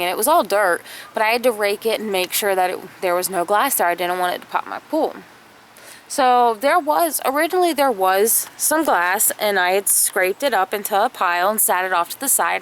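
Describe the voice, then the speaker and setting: A woman's voice: mid-range voice, fairly bright tone, slight background noise. A woman vlogger telling a family story in a chatty, casual way, full of fillers and acted-out quotes.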